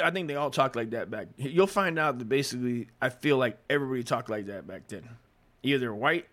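A man hosting a casual history podcast, with a voice of middling pitch. He reads from his notes, trips over longer words, and keeps drifting into crude, rambling side remarks. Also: brisk, fairly bright tone. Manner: profane, rambling, stumbles over written words. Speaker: podcast host. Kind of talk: casual history commentary, reading aloud with asides.

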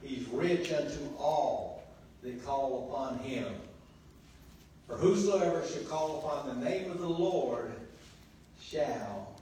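A male pastor preaches a sermon, his fairly high voice drifting between hushed and ringing passages as he draws responses from the congregation. He stands some way from the mic, so his words wash through the long, booming echo of the church hall, with a faint hum of the room beneath. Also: slow pace, recorded from a distance. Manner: preaching with call-and-response, swinging between quiet and loud passages. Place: church sanctuary. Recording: very echoey church hall, voice from afar.

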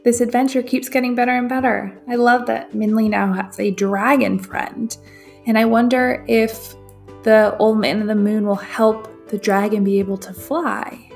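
Gravelly-voiced woman reading a story. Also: fairly high pitch, level tone, normal speed, faint music behind. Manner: warm, engaged read-aloud with listener questions.

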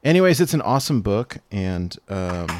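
A man's voice: fairly low pitch, big pitch swings, moderate pace, a little mellow, no room sound. A man co-hosting a casual show, talking enthusiastically and rambling with fillers. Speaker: co-host. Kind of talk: casual chat.

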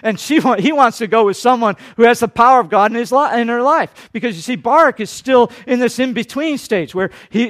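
A man preaching a sermon, swinging between loud, urgent lines and hushed, quiet ones, and briefly acting out the people he quotes. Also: very high-pitched, fairly quick, hardly any pauses. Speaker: pastor.

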